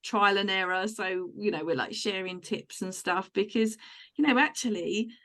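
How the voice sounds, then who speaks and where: A woman hosts a relaxed podcast conversation in a mid-range voice. She is chatty and tells long, wandering stories about her household, with plenty of filler words. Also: medium pitch, normal speed. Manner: chatty, tells rambling home anecdotes. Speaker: podcast host. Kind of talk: casual chat.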